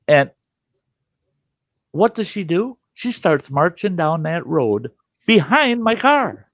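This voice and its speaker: A man hosting a storytelling show, telling a rambling, folksy, animated tale and swearing casually as he goes. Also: fairly high pitch, slow, pauses often, no room sound, lo-fi sound. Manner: animated, folksy, swears casually, chuckles through his tales. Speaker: podcast host.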